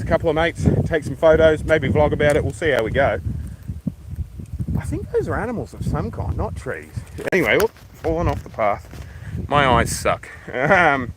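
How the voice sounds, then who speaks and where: A man with an Australian accent hosting a casual livestream while walking through a park, rambling and swearing freely. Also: fairly high pitch. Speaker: livestream host. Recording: outdoor noise around the mic.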